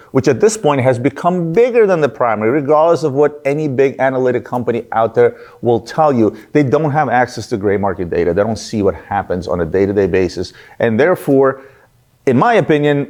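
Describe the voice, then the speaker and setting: A man in the middle of the usual male pitch range hosts a watch news commentary. He talks through his opinions in a loose, conversational way, with the odd "uh" and rhetorical questions to his viewers. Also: darkish tone. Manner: conversational, asks rhetorical "right?", some fillers. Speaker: host of a watch news show.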